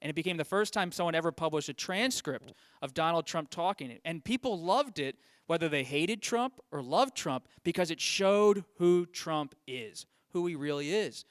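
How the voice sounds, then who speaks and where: A young adult man, a journalist guest, telling a lively anecdote to a school audience and acting out the voices of the people in it. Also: on the high side, moderate pace, hardly any pauses, dry recording, clean studio sound. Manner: animated anecdote with quoted voices.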